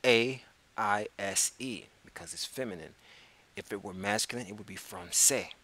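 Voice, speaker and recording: A man teaching a casual beginner French lesson, spelling words out letter by letter and repeating phrases slowly. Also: on the low side, pushed and bright. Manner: slow, spells words out letter by letter, drawn-out repetitions. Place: public access TV studio.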